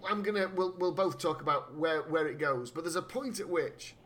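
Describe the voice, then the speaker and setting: A man from Britain recaps a film in casual chat, his voice high and his tone bright. He is animated, swears freely and often stumbles and restarts his sentences. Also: moderate pace.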